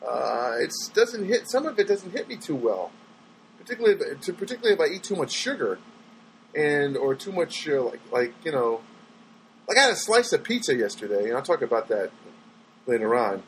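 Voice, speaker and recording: A man who does stand-up talks on his own in a loose, casual monologue. His voice sits a little high. He rambles, trails off and starts over. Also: very animated, brisk, a little hiss or hum, poor audio. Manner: rambling and chatty, trailing off and restarting. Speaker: stand-up comedian.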